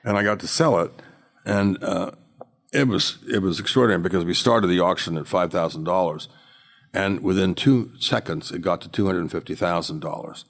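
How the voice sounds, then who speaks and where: An older man, a former auctioneer, telling animated anecdotes as an interview guest. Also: deep voice, moderate pace, gravelly. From United States. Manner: animated storyteller, acts out quotes.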